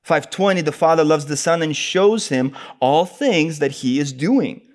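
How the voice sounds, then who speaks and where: Man, preacher, expository sermon, earnest, emphatic, slightly high voice. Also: a little slow. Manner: earnest, emphatic, citing verses in steady cadence.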